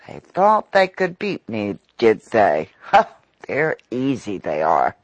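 A pompous middle-aged lobbyist, sharp-tongued and easily rattled, as a man reads him aloud. The voice climbs high above his usual tone and swings widely. It sits in a dry, close sound. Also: huge pitch swings, slow pace, no echo, exaggerated voice. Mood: sneering. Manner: sharp, then anxious.

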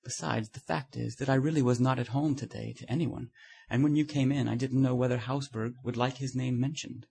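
A man's voice: medium pitch, steady tone, fairly quick, creaky, few pauses, warm tone, slightly rough. A man reading the part of a witty society painter who teases his friend, in a breezy, amused way. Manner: breezy, teasing.

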